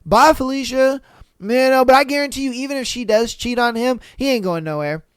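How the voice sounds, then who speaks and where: Blunt, high-voiced male podcast host. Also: brisk, clean tone, dry recording, studio quality. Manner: profane, blunt, repeats "you know what I mean". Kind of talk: blunt casual commentary and reading of listener posts.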